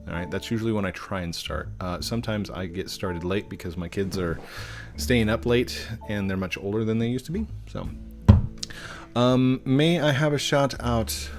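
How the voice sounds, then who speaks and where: At a moderate pace and in a lowish voice, a middle-aged game streamer reads viewer questions aloud on his easygoing live stream. His delivery is chatty and goofy, he trips over usernames, and faint guitar music plays underneath.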